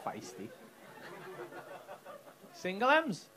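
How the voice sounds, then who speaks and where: Very slow and high-pitched, his voice swooping wildly, a stand-up comedian trades crude, cheeky banter with the audience. It's a live club recording full of noise and loud laughter from the crowd.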